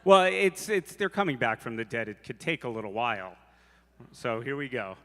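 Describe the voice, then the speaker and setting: Male gala emcee: teasing patter, bright tone, echoing banquet hall. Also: medium pitch, sing-song, normal speed. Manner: playful, teasing. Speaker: event emcee. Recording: reverberant hall from a distance.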